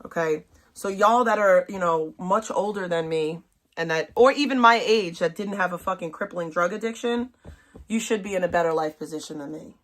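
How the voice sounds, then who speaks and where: A woman's voice: fairly low pitch, normal speed. A woman, ranting bluntly and profanely to her stream chat. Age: 30s. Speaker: livestream host. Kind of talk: casual rant to stream chat.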